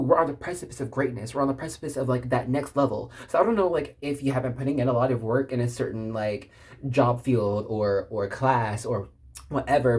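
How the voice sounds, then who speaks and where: A woman's voice: rumbling low, darkish tone, slightly rough. A woman doing a casual tarot reading for viewers, bubbly and rambling with frequent giggles. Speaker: tarot card reader.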